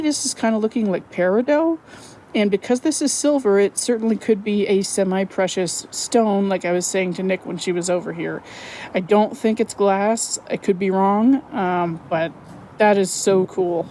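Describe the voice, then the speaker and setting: A woman narrating her metal detecting finds outdoors on a wooded property in a chatty, excitable way, often correcting herself. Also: medium pitch, normal speed, slight background noise, low-quality recording. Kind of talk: casual outdoor vlog narration.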